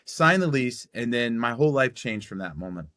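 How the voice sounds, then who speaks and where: Guy in his 40s telling a story on a podcast, bright tense voice, dry close sound, does all the voices himself. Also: mid-range voice, moderate pace, dry recording. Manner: animated storyteller acting out quoted dialogue. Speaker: podcast guest.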